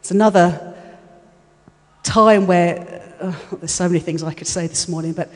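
A woman preaching a sermon, telling the story in an animated way, with repeated words and frequent laughter. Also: fairly low pitch, moderate pace. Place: church hall. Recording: echoey church hall.

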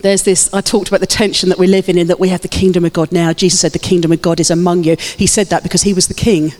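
A woman's voice: on the low side, little pitch movement, quick pace, darkish tone. Woman pastor, fervent exhorting sermon, reverberant church hall. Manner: fervent, exhorting, calls out to the congregation.

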